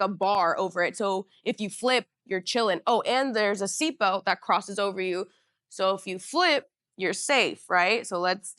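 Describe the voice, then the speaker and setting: Studio-quality audio with no echo captures a young woman from Northern California hosting a podcast in a medium-pitched, slightly bright voice. She tells a casual storytime in a chatty, slangy way, saying "you know" and "you feel me" throughout.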